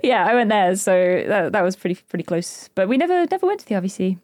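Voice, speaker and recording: A woman's voice: mid-range voice, very animated, darkish tone. A woman co-hosting a podcast, teasing and laughing easily in casual chat. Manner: playful, teasing, quick to laugh. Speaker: podcast co-host.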